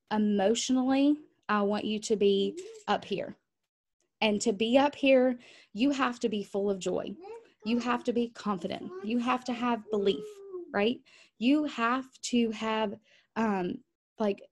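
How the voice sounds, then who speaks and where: A woman leading a team call, talking casually and acting out inner thoughts with lively bursts. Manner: animated, chatty, acts out inner voices in a higher pitch. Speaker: team leader. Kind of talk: team call coaching talk. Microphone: video call.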